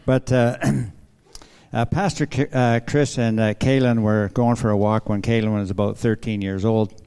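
Older guest pastor, halting and joking. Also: male voice, fairly low pitch, fairly even intonation, dark tone, clean tone. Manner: halting, many fillers, easygoing humor. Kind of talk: sermon opening with a joke. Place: church before a congregation.

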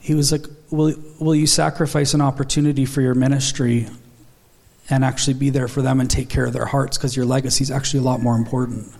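A man's voice: medium pitch, little pitch movement, fast talker, creaky, a little mellow. A man in his thirties preaching an earnest, storytelling sermon, acting out the dialogue in his stories.

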